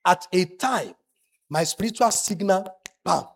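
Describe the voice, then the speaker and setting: High, husky preacher man. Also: lively intonation, measured pace. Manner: swings from soft asides to shouted emphasis. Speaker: pastor. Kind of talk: sermon.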